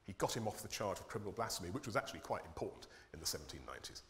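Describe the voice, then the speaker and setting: A man's voice: fairly low pitch, animated, rapid-fire, a bit bright. A man giving a humorous, irreverent conference talk, swearing freely with dry comic timing. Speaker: conference speaker, cartoonist. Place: conference hall. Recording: long hall reverb.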